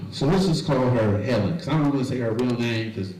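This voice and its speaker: A man's voice: mid-range voice, lively intonation, normal speed, mellow, a little hiss or hum. A male stand-up comedian on a club stage, telling loose, profane stories with plenty of animation. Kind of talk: stand-up storytelling. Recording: echoey club, mic far off, crowd.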